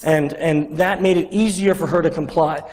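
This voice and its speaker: Male conference speaker, lively anecdote, slightly high voice, echoey lecture hall. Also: normal speed. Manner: animated storyteller, acts out other voices. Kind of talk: storytelling conference talk. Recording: reverberant lecture hall recording.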